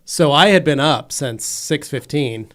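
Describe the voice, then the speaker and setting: Animated storyteller, man with a higher voice. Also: a little slow. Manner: animated storyteller, acting out family members' voices. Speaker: podcast co-host. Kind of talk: casual studio chat. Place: podcast studio.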